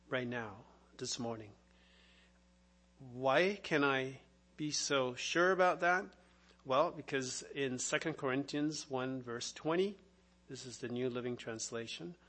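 A man preaching a sermon, explaining scripture in a deliberate, teaching manner with occasional fillers. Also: mid-range voice, fairly bright tone.

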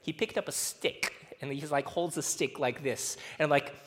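A man's voice: on the high side, moderate pace. A man preaching a casual sermon, chatty and laughing, full of fillers and asides. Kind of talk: casual sermon with personal stories. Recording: long hall reverb.

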